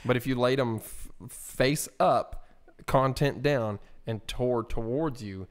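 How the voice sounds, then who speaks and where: A man's voice: mid-range voice, slow pace. A man co-hosting a live show, trading casual banter and dry, teasing asides. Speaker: podcast co-host.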